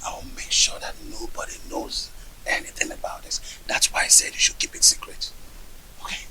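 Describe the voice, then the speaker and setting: An actor playing a scheming man in a secret affair, talking in a hushed, gravelly, conspiratorial way in a Nollywood film. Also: moderate pace, whispered, rough recording. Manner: conspiratorial, reassuring.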